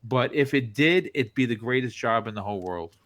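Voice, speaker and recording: A man telling stories as a podcast guest in casual chat, with a distinctive voice, animated and full of restarts. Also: medium pitch, a little fast, no room sound. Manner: animated, lots of restarts, acts out quoted reactions. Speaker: podcast guest, content creator.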